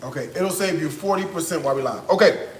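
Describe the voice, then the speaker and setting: A high-voiced cooking channel host, exuberant and chatty, talks straight to his viewers in a casual vlog recorded in an echoey kitchen. He speaks fast, lets out high whoops and moans of delight, and a little hiss or hum is audible.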